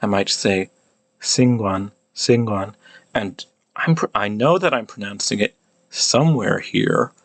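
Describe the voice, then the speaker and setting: A man casually explaining pronunciation, thinking aloud with many halting restarts. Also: on the low side, lively intonation, gravelly, fairly bright tone, dry recording. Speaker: language hobbyist explaining pronunciation.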